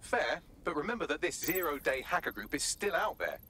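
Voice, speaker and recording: A man's voice: on the high side, big pitch swings, fairly quick, pushed and bright, full character voice. An actor playing a wry male resistance handler who hands out missions in a video game. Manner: dry, wry asides.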